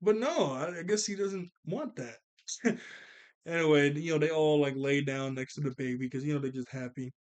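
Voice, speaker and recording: A man's voice: fairly high pitch, normal speed, a little mellow. A man casually recapping a cartoon episode as a reviewer, chatty, laughing often and quoting characters.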